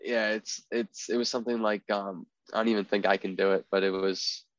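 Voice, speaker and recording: A man's voice: on the low side, steady tone, a little fast, no room sound. A young man co-hosting a podcast, talking in a casual, rambling way with lots of filler words. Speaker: podcast co-host. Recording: dry, slightly dull podcast audio.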